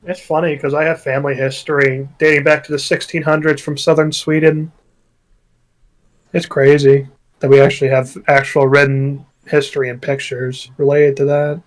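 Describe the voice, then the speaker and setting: A man's voice: a little high, flat delivery, normal speed, poor audio. A man who is a guest in a casual podcast chat, talking reflectively and searching for his words. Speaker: guest author.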